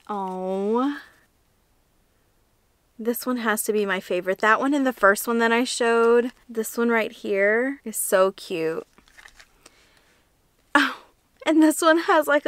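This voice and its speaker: A chatty young woman with a slightly high, smooth, clear voice. She is talking casually to her viewers in a crochet vlog, gushing with plenty of fillers, and she sounds teary and emotional. The sound is close and dry, with no room around it. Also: a bit bright, no echo. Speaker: crochet vlogger.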